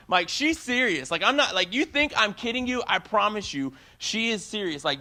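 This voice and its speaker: High, bright-voiced young male youth speaker. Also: moderate pace. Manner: animated storytelling, talks straight to the crowd. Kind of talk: casual youth sermon.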